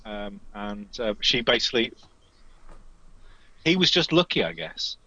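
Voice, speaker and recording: A man player in a tabletop game, hesitant and halting. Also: lowish voice, sing-song, sharp tone, no room sound, lo-fi sound.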